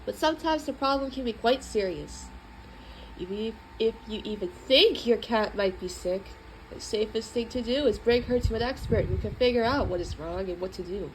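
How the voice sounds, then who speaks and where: Woman reading a kids book out loud, high animated voice, bit of hiss behind. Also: normal speed, poor audio. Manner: expressive, playful reading. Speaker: storybook reader. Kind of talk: reading a children's book aloud.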